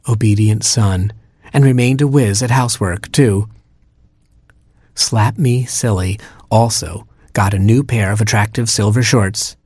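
A man narrating a children's storybook in a measured, gently humorous way. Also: on the low side, breathy edge, dry recording, studio quality. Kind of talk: storybook reading.

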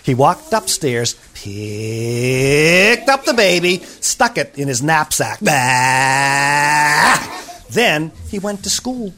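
A man telling a children's story in a lively, animated way. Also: fairly high pitch, takes it slowly, few pauses. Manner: lively, animated, voicing characters.

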